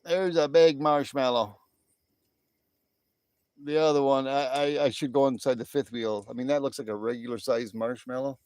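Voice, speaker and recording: A man's voice: mid-range voice, fairly even intonation, normal speed, darkish tone, dry recording. A middle-aged American man live streaming from beside an outdoor fire pit on his phone, chatting in a rambling, easygoing way with many restarts as he answers viewers. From United States. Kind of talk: casual chat reading viewer comments.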